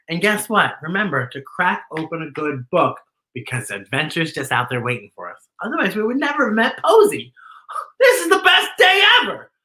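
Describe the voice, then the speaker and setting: Bright, animated storytime woman. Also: on the low side, roomy sound. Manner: animated, sing-song storyteller addressing children. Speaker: children's storytime host. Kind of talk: reading a picture book aloud to kids.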